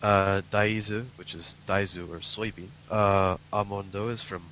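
A man's voice: on the low side, steady tone, a little slow, fairly bright tone, slight background noise, poor audio. A man co-hosting a podcast, explaining at length in casual chat, with frequent ums and uhs. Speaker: podcast co-host.

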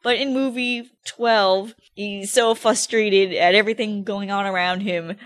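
A woman's voice: mid-range voice, fairly even intonation, measured pace. A woman co-hosting a casual fan podcast, laughing often and acting out quoted lines as she talks. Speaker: podcast co-host.

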